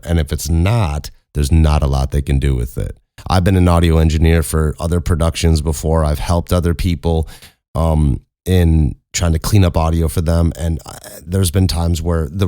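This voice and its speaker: Very deep-voiced Chicago man giving advice. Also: dark tone, dry recording, clean studio sound. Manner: candid, conversational, with frequent restarts. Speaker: podcast host and voice actor. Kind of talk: casual advice talk.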